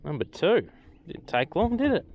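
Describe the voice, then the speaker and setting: A man's voice: on the high side, wildly swooping pitch, normal speed, a little mellow, a little hiss or hum. An Australian man on a boat outdoors, giving casual, chatty commentary as he fishes and talks to the fish he catches. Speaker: fishing vlogger.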